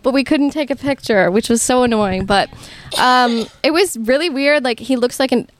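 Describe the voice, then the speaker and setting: A woman's voice: high voice, moderate pace. A young woman co-hosting a podcast, telling a story in casual chat, swearing freely and laughing mid-sentence, on a headset mic. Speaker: podcast co-host.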